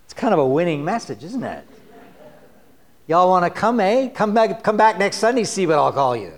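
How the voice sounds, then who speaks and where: A man's voice: high voice, big pitch swings, normal speed. A man preaching a sermon, conversational and wry, reading scripture passages with rising force. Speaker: pastor.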